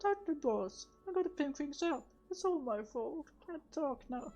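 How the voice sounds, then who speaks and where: A woman's voice: high-pitched, expressive, moderate pace, darkish tone, pitched above the performer's own voice. A woman voicing a small, servile male goblin who pleads and apologizes, with dull audio and game music behind her. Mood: cowering.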